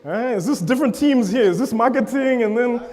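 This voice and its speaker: A man giving a lively keynote at a conference, joking with and calling on the audience in a large hall. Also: very high-pitched, fairly quick. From Africa. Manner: energetic, playful, calls on the audience and jokes. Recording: long hall reverb.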